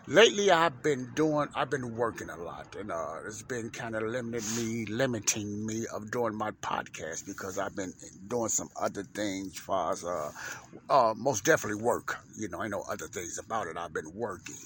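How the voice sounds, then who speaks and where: A man's voice: fairly low pitch, normal speed, fairly bright tone, slight background noise. Rambling folksy man hosting a podcast. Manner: rambling and repetitive, with many fillers and restarts; folksy and religious, often saying "Lord's willing". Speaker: podcast host and minister. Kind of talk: casual podcast monologue. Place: inside a parked truck at his workplace.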